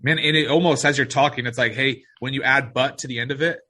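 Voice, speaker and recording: A man's voice: mid-range voice, steady tone, fast, sharp tone. A man hosting a casual podcast conversation, talking in an earnest, agreeable way and often restarting his phrases. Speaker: podcast host.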